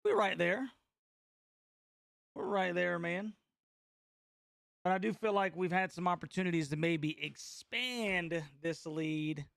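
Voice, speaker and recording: A young man from North Carolina hosting a live basketball watch party, reacting to the game in a casual, excitable way and reading viewer comments aloud. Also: high-pitched, slow pace, gravelly, long pauses, no room sound, studio quality. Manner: excitable, slangy, chatty, reads chat aloud. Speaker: sports watch-party host.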